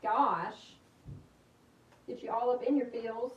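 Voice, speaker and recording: Speaking slowly in a voice on the high side, a woman in her thirties from East Texas with a Texan accent crafts on a livestream, chatting and thanking viewers by name. The audio is dull, echoey, and faintly humming, captured from a distant microphone.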